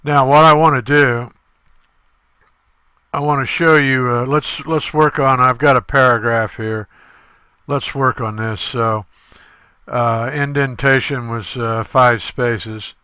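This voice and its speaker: A male instructor talking through a screen-recorded tutorial step by step, halting often with fillers. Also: medium pitch, fairly even intonation, pushed and bright, clear, resonant tone, no echo.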